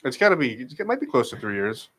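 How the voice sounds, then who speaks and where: Male radio co-host, middle-pitched, halting, restarts sentences often. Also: very animated, a bit bright, husky. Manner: hesitant, repeats words. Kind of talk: casual radio banter. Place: radio studio.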